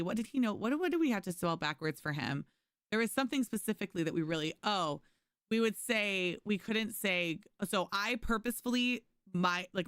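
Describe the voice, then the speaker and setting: A young adult woman streamer telling stories in casual chat with her viewers, animated and giggly. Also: medium pitch, no echo, studio quality.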